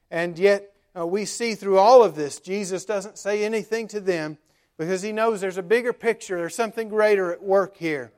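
A man's voice: high-pitched, moderate pace, darkish tone, clear, resonant tone. A male pastor preaching a sermon, retelling scripture in plain everyday words with a conversational manner and frequent filler sounds.

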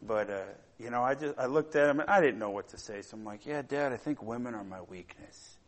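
Against a noisy background, a middle-aged pastor with a mid-range voice delivers a sermon at a brisk pace. His storytelling meanders with many fillers, turning loud and animated when he gets fired up.

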